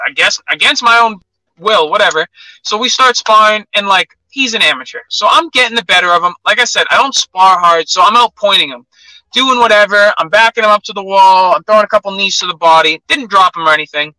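A young man tells a gym story in a high, very bright voice. He acts out what each person said as he goes. The sound is dry and close to the mic. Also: a little fast, no room sound, low-quality recording. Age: young adult. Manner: animated anecdote-telling, acts out quotes. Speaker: MMA fighter, guest. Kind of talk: casual storytelling in an interview.

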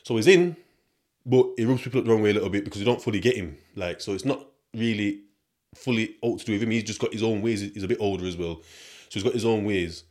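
A man's voice: on the low side, fast talker, a little mellow. Young guy rambling on his podcast, lots of slang, chatting straight to the listeners. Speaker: podcast host. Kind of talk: casual storytelling monologue.

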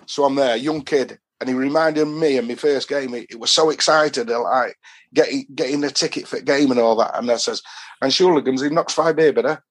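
Husky Yorkshire man telling tales. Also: medium pitch, a little fast. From Doncaster, England. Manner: rambling anecdotes with dialect phrasing. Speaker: podcast guest. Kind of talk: casual storytelling chat.

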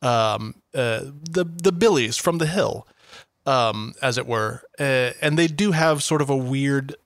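A man's voice: medium pitch, measured pace, fairly bright tone, dry recording, clean studio sound. A man co-hosting a podcast in casual chat, joking sarcastically and swearing now and then. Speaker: podcast co-host.

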